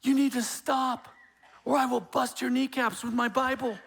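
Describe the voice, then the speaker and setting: A man voicing a menacing mob boss who delivers soft, slow mock threats. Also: extremely high pitch, fairly even intonation, gravelly, slight background noise, pitched above the performer's own voice, heavily acted. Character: smooth menacing mob boss pastor, middle-aged man.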